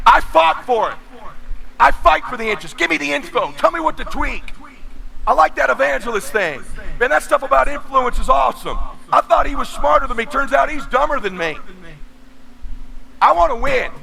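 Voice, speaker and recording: A man in his forties giving an intense, preachy motivational stage speech that bursts into shouting. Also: very high voice, gravelly, rough recording. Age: 40s. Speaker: motivational speaker.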